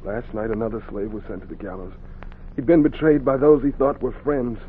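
An actor playing a wary, fearful younger brother speaking gloomily in an old radio drama. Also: male voice, medium pitch, steady tone, brisk, a little hiss or hum, natural voice. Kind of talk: 1950s radio drama acting. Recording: tinny, husky old radio recording, off-mic.

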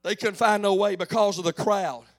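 A pastor in his late forties preaching a folksy call-and-response sermon that builds to shouts. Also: high-pitched, steady tone, moderate pace. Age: 40s.

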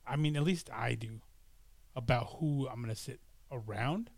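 A man's voice: medium pitch, moderate pace, creaky, no echo. A middle-aged man chatting casually to camera, rambling and hesitant, with many fillers and restarts. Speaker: vlogger. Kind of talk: casual chat.

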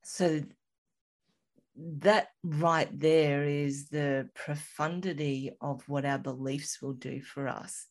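Low-voiced woman guest, slow and reflective, soft-spoken storyteller. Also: steady tone. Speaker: guest telling her story. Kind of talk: personal storytelling in an interview.

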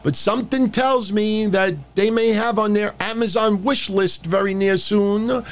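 Profane, animated man ranting on a podcast. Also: sits high, a little slow. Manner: blunt, profane, mocking, animated. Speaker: podcast host. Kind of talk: casual wrestling podcast rant.

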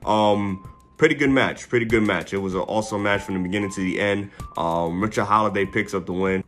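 A man with a fairly low voice talks through a recap in a loose, casual way. He rambles, corrects himself mid-sentence and laughs at his own slips, with faint music playing behind him. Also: a little fast, fairly bright tone. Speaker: wrestling fan reviewer. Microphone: headphones with mic.

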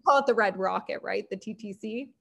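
A woman's voice: medium pitch, a little fast, creaky, fairly bright tone. A woman, a guest on a podcast, chatting in a rambling way and laughing often. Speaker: podcast guest, hair removal business owner. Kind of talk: casual interview chat.

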